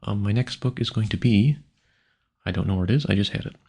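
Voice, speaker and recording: A man's voice: lowish voice, fast talker, warm tone. A man rambling casually at a home mic, musing aloud and stumbling over hard words he sounds out. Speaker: audio creator.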